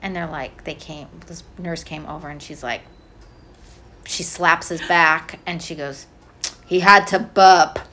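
A woman in her thirties co-hosting a podcast, chatting and telling stories in a gossipy, animated way. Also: low voice, a little slow. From Northern California. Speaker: podcast co-host. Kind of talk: casual chat.

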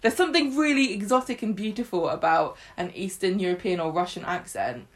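A woman co-hosting a podcast, chatting eagerly and tumbling through fillers and restarts. Her voice sits at an ordinary pitch for a woman. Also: lively intonation, fairly quick. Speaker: podcast co-host. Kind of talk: casual chat about a soap opera.

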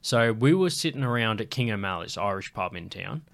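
A young podcast host tells a loose story in casual chat, swearing heavily. His voice is low-ish, fairly quick and gravelly, and he narrates in an animated way.

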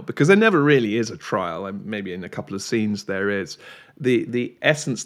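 A man's voice: mid-range voice, fairly bright tone. A man co-hosting a podcast, talking in a reflective, rambling way with restarts and chuckles. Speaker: podcast co-host. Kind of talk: casual podcast chat.

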